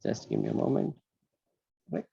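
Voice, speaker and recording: A man's voice: lowish voice, huge pitch swings, normal speed, gravelly, warm tone, husky. A man teaching an online class, asking questions and explaining step by step. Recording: muffled lo-fi call audio.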